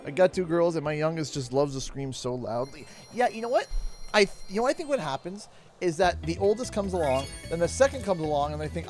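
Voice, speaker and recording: A man's voice: a little high, expressive, a little fast. Rambling, chuckling man streaming from home. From Canada. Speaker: gaming streamer. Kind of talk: casual livestream chat. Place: home office. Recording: game music playing behind.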